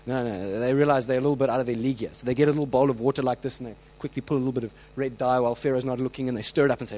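A man preaching a sermon, telling stories with lively acted-out voices and frequent restarts. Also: medium pitch, racing, hardly any pauses, rough recording. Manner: animated storytelling, acts out quoted voices; many restarts and filler words.

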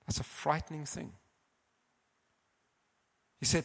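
Bright high-voiced man preaching in a hall. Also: normal speed. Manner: animated, keeps addressing the audience as folks; clears his throat often. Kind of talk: storytelling sermon to a congregation. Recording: long hall reverb.

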